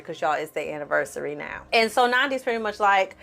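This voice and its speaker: A woman hosting a casual TV recap, talking straight to her viewers with slang and cursing and quickly acting out the characters' lines. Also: medium pitch, expressive, creaky, fairly bright tone. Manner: acts out the characters' lines in quick put-on voices. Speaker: film and TV recap host.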